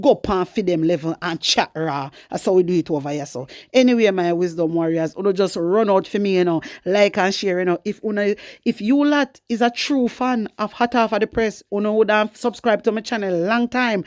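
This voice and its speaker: A woman's voice: medium pitch, darkish tone, no room sound, studio quality. Blunt Jamaican woman ranting in patois. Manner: blunt, fiery, switching into patois. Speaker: political commentary vlogger. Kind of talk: casual political rant to viewers.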